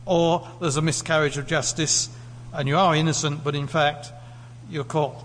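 A man's voice: fairly high pitch, little pitch movement, normal speed, fairly bright tone. A man from the UK preaching a sermon in a conversational way, putting questions to the congregation. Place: church hall. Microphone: lectern mic. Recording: echoey hall, faint hum.

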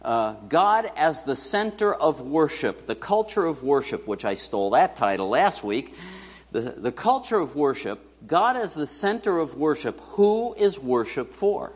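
Male pastor, casual joking sermon, quizzes the congregation, animated pitch, long church reverb. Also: measured pace. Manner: conversational, joking, asks the congregation questions. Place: church hall.

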